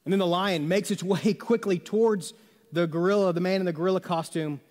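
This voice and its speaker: A man delivers a sermon to his congregation, loose and chatty, with plenty of jokes and rhetorical questions. His voice sits high for a man. The sound carries a long reverb from the church hall. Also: brisk, darkish tone. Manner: conversational, jokey storytelling with rhetorical questions. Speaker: pastor. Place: church sanctuary.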